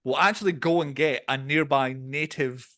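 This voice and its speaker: A man co-hosting a podcast, casually reviewing a film in an opinionated, animated way. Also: medium pitch, moderate pace. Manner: opinionated, animated storytelling with quoted voices. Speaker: podcast co-host.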